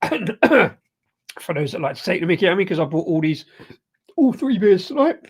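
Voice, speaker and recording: Husky man rambling through a beer tasting. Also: a little high, fast. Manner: rambling, hesitant, full of ums and self-corrections; sipping and tasting beer while talking. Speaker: beer reviewer hosting his channel. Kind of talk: casual live beer tasting review.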